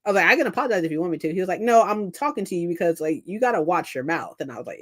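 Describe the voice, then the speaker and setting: Young adult woman, casual livestream chat, blunt, swears freely, laughs a lot, animated voice. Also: on the low side, fast talker. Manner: acts out both sides of workplace arguments. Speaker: book streamer.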